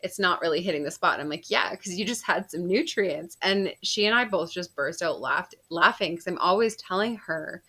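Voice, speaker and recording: Chatty mom telling a story, lower-pitched. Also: female voice, animated, moderate pace, hardly any pauses, bright, forceful tone, husky. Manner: chatty, laughs often, lots of fillers. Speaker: podcast host. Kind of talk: casual personal storytelling.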